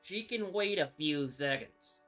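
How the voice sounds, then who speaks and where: A man hosting a livestream, telling a story in an animated, excitable way with lots of "like"s. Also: a little high, unhurried, faint music behind. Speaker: livestream host.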